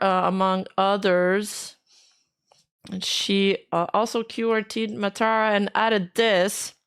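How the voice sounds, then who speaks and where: Reading posts aloud as casual commentary, a woman streamer sounds skeptical and frustrated, speaking bluntly and sometimes swearing. Her voice is fairly high and fairly bright.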